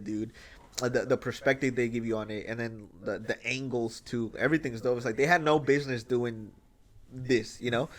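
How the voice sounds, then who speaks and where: A man hosting a podcast in casual chat, excitedly retelling a film scene, swearing freely and acting out the lines. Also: medium pitch. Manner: excited storytelling, swears freely, acts out quotes. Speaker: podcast host.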